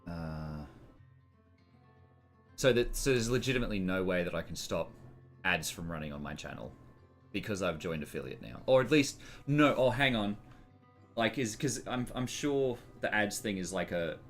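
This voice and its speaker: Low-voiced male streamer, lively pitch, loose rambling delivery. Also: moderate pace, faint music behind. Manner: rambling, hesitant, reads settings aloud. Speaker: live streamer. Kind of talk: casual live-stream chat.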